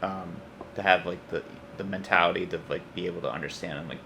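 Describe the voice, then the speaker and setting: Fast-talking gravelly man. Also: low-pitched, fairly even intonation, sharp tone, slight background noise. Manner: quick, agreeable, lots of fillers. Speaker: podcast co-host. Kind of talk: casual podcast chat.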